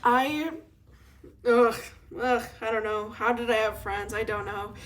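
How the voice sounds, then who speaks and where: On a casual solo podcast, a young woman in her twenties rants as the host, her voice a touch high and her pace a little slow with fairly even intonation. She rambles and pokes fun at herself, laughing often and letting thoughts trail off midway.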